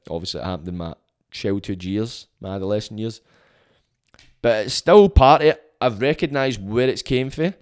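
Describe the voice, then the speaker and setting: A man's voice: fairly low pitch, a little mellow. A young man with a Glaswegian Scottish accent, hosting a podcast and delivering a passionate, sweary monologue. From Scotland. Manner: swears often, fired up, emphatic. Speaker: podcast host.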